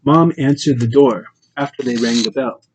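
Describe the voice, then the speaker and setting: A man narrating an audiobook in a measured, steady storytelling voice. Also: medium pitch, a little hiss or hum, low-quality recording. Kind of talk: scripted narration.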